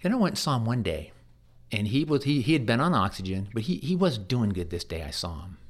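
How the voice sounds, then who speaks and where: A hospice chaplain tells stories in a conversational interview, earnest but often stumbling and repeating his words. His lowish voice swings widely in pitch, and he talks fairly quickly.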